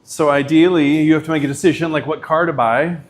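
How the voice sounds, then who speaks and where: A man's voice: fairly high pitch, a little fast. Casual middle-aged man lecturing. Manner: casual storytelling, animated, uses filler words. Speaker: visiting professor.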